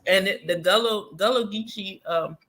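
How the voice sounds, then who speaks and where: Bright-voiced woman explaining. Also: mid-range voice, normal speed. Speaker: caller. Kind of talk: casual conversation.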